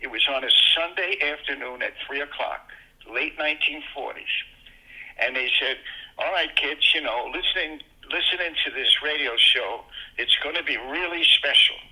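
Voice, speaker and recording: A man's voice: moderate pace, low-quality recording. An older man from Brooklyn, telling childhood stories as a guest in casual chat. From Brooklyn, New York. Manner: animated, jumps into excited high voices for quoted moments. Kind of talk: casual storytelling.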